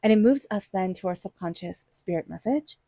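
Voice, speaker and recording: A woman's voice: medium pitch, animated, a little fast, warm tone, no room sound, clean studio sound. A woman giving a casual tarot reading, chatty and reassuring, laughing often and speaking straight to the listener. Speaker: tarot reader.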